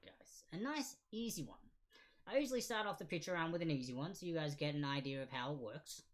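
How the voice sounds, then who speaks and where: A man's voice: high voice, a bit bright. A young man hosting a livestreamed quiz night in a casual, joking, self-deprecating way, laughing often. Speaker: trivia quiz host.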